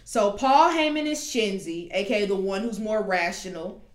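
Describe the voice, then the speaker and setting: A woman hosting a casual podcast, talking animatedly and quickly with plenty of asides. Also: medium pitch. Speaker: podcast host. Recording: roomy echo.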